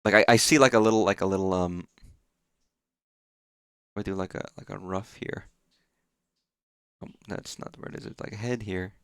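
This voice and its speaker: A man's voice: on the low side, steady tone, normal speed, pauses often, smooth, no echo, studio quality. A man streaming a game live, chatting casually in a rambling way, swearing often and full of fillers. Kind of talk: casual live gameplay chat.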